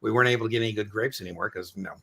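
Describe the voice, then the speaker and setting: A man's voice: on the low side, rapid-fire, pushed and bright, husky. A middle-aged man hosting an exam prep live stream, chatting casually and telling rambling, joking stories.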